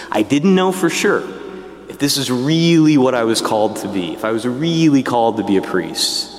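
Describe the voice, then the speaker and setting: A priest tells his own vocation story in a lively, casual manner, with asides to the listeners. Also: on the low side, big-room sound. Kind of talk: personal testimony talk.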